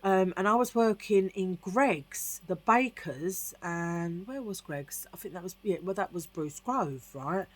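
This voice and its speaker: A woman's voice: lowish voice, measured pace, few pauses. A middle-aged woman from Tottenham with a London accent, telling a rambling personal story in casual vlog chat with lots of asides. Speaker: vlogger.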